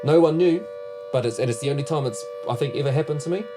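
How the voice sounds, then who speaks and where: A man's voice: a little high, quick pace. A man with a New Zealand accent, a podcast host talking easily and calling others bro. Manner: easygoing, calls others "bro". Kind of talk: casual chat. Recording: music playing in the background.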